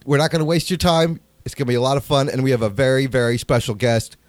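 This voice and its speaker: A man's voice: medium pitch, racing. A man in his forties co-hosting a podcast, playful and upbeat, laughing often. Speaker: podcast co-host. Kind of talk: casual podcast chat.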